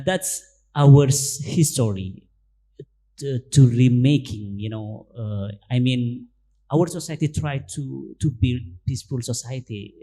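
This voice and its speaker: A man, speaking at a panel discussion in halting English with many restarts. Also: mid-range voice, dark tone.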